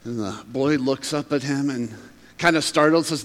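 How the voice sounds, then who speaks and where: A man's voice: on the high side, a little fast, fairly bright tone, long reverb tail. A male pastor preaching a sermon, reading Scripture and then talking to the congregation in a conversational way, asking them questions. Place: church sanctuary.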